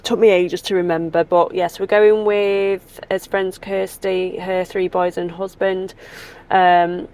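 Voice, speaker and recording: Chatty woman with a gravelly voice. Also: fairly low pitch, slow pace. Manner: chatty, rambling, animated when retelling. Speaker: vlogger. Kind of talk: casual vlog chat.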